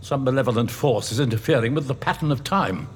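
A man in an audio drama playing a calm, learned Victorian professor with a measured, precise way of talking. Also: medium pitch, breathy edge. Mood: thoughtful.

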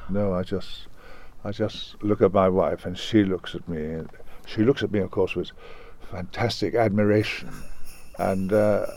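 An older man from Liverpool, reminiscing in a halting, rambling way with many restarts in an interview. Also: low-pitched, fairly even intonation, darkish tone. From Liverpool, England. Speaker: guest actor.

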